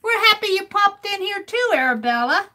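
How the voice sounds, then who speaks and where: A woman's voice: very high-pitched, sing-song, moderate pace, sharp tone. A woman chatting casually with viewers on a live art stream while she cuts a stencil, greeting people by name and sounding out words playfully.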